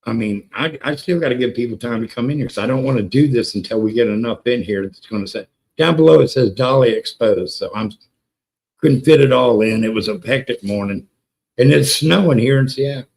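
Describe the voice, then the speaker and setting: A man hosting a casual livestream, excitable and profane, greeting chatters by name and repeating words for emphasis. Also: mid-range voice, brisk, vocal fry, poor audio. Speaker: livestream host. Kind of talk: casual live-stream chat with viewers.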